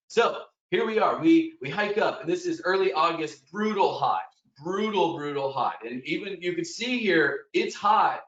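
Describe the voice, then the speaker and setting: A man's voice: a little high, fairly bright tone, dull audio. Earnest male guide, distant roomy audio. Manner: earnest, emphatic storyteller with fillers. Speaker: wilderness expedition guide. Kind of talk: storytelling webinar presentation.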